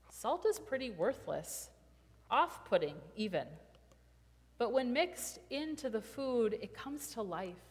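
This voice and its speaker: Woman pastor, sermon, fairly high voice, emphatic and measured, long reverb of a church hall. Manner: measured, emphatic preaching with deliberate pauses.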